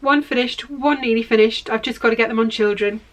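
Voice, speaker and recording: A woman's voice: fairly high pitch, a little fast, a little hiss or hum. A middle-aged woman hosting a knitting podcast, rambling and self-deprecating in casual chat while showing her work to the camera.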